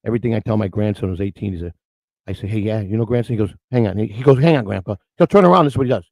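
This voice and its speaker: A man's voice: lowish voice, very fast, darkish tone, no room sound. An older man hosting a morning show, telling rambling stories with lots of restarts and acted-out quotes. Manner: rambling storyteller with many restarts. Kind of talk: casual rambling chat.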